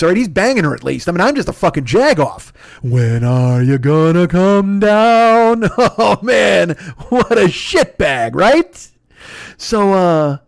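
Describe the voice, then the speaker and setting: A man's voice: high-pitched, dry recording, studio quality. A man, hosting a comedy podcast with a profane, rambling, self-mocking storytelling monologue full of restarts. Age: 50s.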